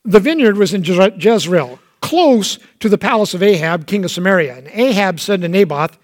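A man's voice: high-pitched, animated, moderate pace, few pauses. A man preaching a sermon, talking conversationally and acting out quoted lines with dramatic voices. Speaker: pastor.

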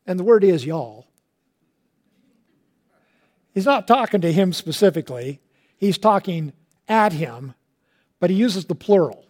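A preacher with a fairly high voice tells a story in his sermon. He moves between emphatic, louder passages and soft, hushed ones, and mixes in casual, folksy asides. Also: measured pace, pauses often. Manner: animated storytelling with big swings from loud to hushed; colloquial asides.

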